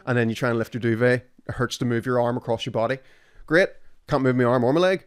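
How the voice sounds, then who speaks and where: A man hosting a casual podcast, telling stories in an animated, sarcastic way. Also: medium pitch, fast, clear, resonant tone. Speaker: podcast host.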